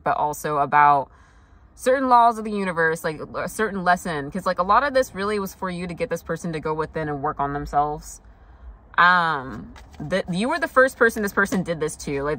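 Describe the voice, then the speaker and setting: A woman's voice: sits low, pushed and bright. A young woman doing a casual tarot reading, talking loosely with lots of fillers and frank swearing. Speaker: tarot reader.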